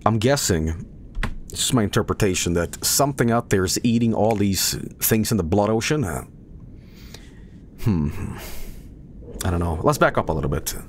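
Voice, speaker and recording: A man's voice: on the low side, lively intonation, normal speed, long pauses, a little hiss or hum. A man streaming a game, chatting casually as he plays, rambling and joking, swearing often. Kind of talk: casual live-stream commentary.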